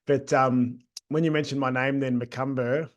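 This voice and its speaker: A middle-aged Australian man getting over a cold, a guest talking about his agency in a relaxed, chatty way with many ums. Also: medium pitch, moderate pace. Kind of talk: casual interview talk.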